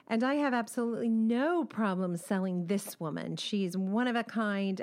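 A woman hosting a podcast, chatting casually and laughing as she tells stories. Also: mid-range voice. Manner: laughing, storytelling, animated quotes. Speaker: podcast host. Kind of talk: casual chat.

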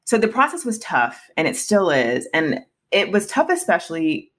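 Candid low-voiced woman podcast guest. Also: very animated, moderate pace, a bit bright. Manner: candid, emotional, frequent restarts and laughs. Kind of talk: casual interview conversation.

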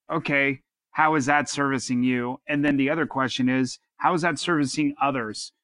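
A man's voice: medium pitch, moderate pace, fairly bright tone, no echo. A man co-hosting a podcast, giving earnest advice in a rambling way with many restarts. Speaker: podcast co-host. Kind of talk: casual advice-giving talk.

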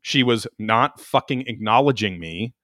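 A man telling a story in casual chat, animated, rambling and profane. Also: on the low side, measured pace, no room sound, studio quality.

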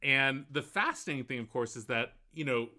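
A man's voice: medium pitch, lively intonation, fairly quick, bright, forceful tone. A man co-hosting a podcast in casual chat, with dry, teasing humor. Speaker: podcast co-host; academic.

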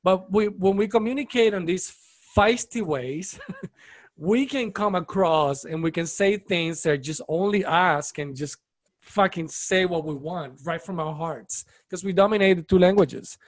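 A man in casual group chat, talking in an animated way and swearing freely. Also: high-pitched, unhurried. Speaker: panel guest.

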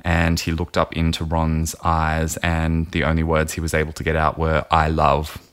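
A man with a very low, deep voice narrates a story in an easygoing, chatty way. He takes his time over the details and talks as if to a friend across the table. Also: monotone, normal speed, clean tone. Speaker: podcast host telling a story. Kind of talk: casual storytelling chat.

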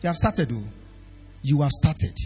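A man preaching a sermon as pastor, swinging from quiet asides to shouted emphasis. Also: fairly high pitch, lively intonation, measured pace. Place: church hall. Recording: long reverb of a hall with faint music.

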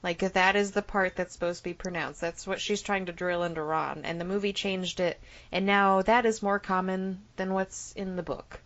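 A woman's voice: medium pitch, fairly even intonation, normal speed, a bit bright, lo-fi sound. A woman co-hosting a casual podcast, talking in an emphatic, chatty way and swearing freely. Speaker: podcast co-host. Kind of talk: casual fan podcast chat.

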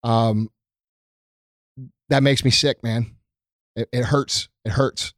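A man speaks off the cuff to his followers, earnest and shaken, with frequent swearing and halting restarts. His voice sits in an ordinary middle pitch and sounds close and dry, with no room around it. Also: fairly even intonation, no room sound. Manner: earnest and emotional, heavy swearing, many ums and restarts. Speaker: small business owner addressing his followers. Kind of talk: unscripted heartfelt monologue. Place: his company premises, indoors.

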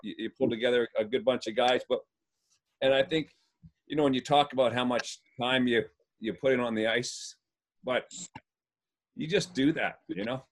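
A man's voice: mid-range voice, normal speed, long pauses, a little hiss or hum. A man from North America, a former hockey player, telling stories in a rambling, filler-heavy way. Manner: rambling, lots of fillers, animated. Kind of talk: casual storytelling.

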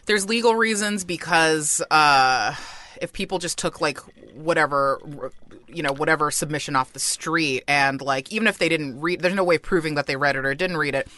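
Bright-voiced casual podcast co-host. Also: mid-range voice, normal speed. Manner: loose, filler-heavy explaining. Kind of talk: casual chat.

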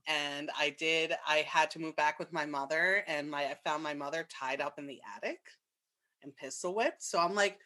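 Bright-voiced young woman telling a story. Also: low-pitched. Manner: candid, swears freely, quick asides. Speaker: podcast co-host. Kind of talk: casual storytelling chat.

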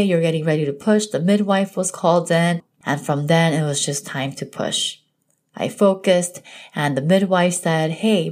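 Casting: young adult woman with a low voice, heartfelt personal storytelling, casual filler words. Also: darkish tone. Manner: emotional, earnest, many "like" fillers. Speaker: podcast host telling her birth story.

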